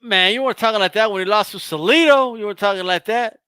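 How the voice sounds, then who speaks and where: Teasing male co-host, bright voice. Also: high-pitched, fast, clear, resonant tone, no room sound. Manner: teasing, says "bro" constantly. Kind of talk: casual comedic banter.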